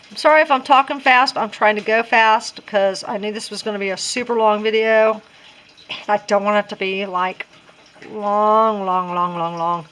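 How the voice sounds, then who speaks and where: A chatty woman with a drawl walks through a home craft project, thinking out loud as she goes. Her voice sits a little high, and she laughs at her own mistakes. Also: fairly even intonation, normal speed. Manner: chatty, self-deprecating, thinks aloud. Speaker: crafting vlogger. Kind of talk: casual craft tutorial.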